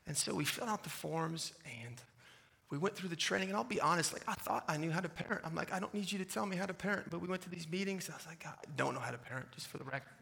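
A man in his thirties telling a personal story to an audience, acting out the dialogue in an animated way. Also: fairly high pitch, quick pace, creaky. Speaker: speaker sharing testimony.

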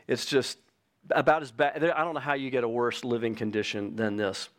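A man's voice: mid-range voice, flat delivery, moderate pace, fairly bright tone. A man preaching a sermon as pastor, earnest, reading an illustration aloud and stressing key phrases. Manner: reads an illustration aloud to the congregation.

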